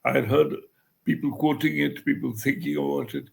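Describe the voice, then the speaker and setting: A man's voice: medium pitch, steady tone, moderate pace, creaky, husky. An older man from India, telling stories in an interview and acting out the dialogue he quotes. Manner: anecdotal, acts out quoted dialogue. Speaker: guest writer. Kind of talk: interview storytelling.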